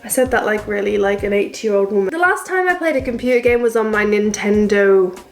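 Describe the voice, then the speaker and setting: A woman's voice: mid-range voice, brisk, faint music behind. A woman in her twenties chatting through a baking vlog in her home kitchen, rambling with self-mocking asides. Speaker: vlogger.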